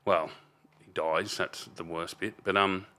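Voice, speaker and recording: Deep, bright-toned Australian man telling stories. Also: fairly even intonation, unhurried. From Melbourne, Australia. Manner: rambling, frequent restarts, blunt swearing. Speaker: podcast guest. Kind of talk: casual storytelling.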